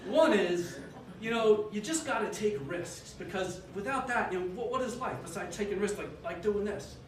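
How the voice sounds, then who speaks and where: A man in his sixties telling a self-deprecating story live at a story slam, in a relaxed conversational way. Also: sits high, moderate pace. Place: live event hall with audience. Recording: echoey hall, distant mic, noisy.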